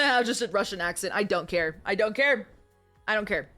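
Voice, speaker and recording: A woman's voice: medium pitch, lively intonation, a little fast, bright, forceful tone, faint music behind. Giggly young woman streamer. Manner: giggly, self-mocking asides. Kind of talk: reading a romance novel aloud, casual stream chat.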